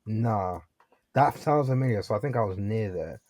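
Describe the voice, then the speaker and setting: A young British man talks casually with friends on a podcast. His voice sits low and mellow. The sound is dry and close, and he often restarts his sentences as he explains. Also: lively intonation, moderate pace, dry recording. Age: young adult. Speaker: podcast co-host. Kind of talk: casual chat.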